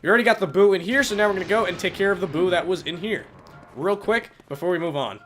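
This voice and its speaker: A young man with a congested, stuffy voice from a cold, giving excitable, jokey gameplay commentary and cursing at enemies. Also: high-pitched, quick pace, slight background noise. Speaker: let's play commentator.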